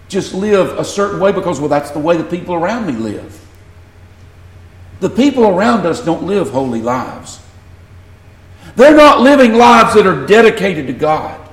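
In an echoey room, a high-voiced Southern preacher gives an earnest sermon, growing more emphatic as he reads scripture.

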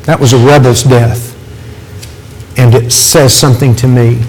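A man's voice: mid-range voice, steady tone, a little slow, a little mellow, a little hiss or hum, poor audio. A man preaching a sermon, earnest and pleading, voice climbing for emphasis.

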